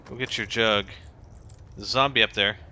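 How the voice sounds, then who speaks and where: A man playing a co-op game over a headset mic, shouting excitable callouts and reactions to his teammates. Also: fairly low pitch, normal speed. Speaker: co-op game player. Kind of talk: casual gaming chat.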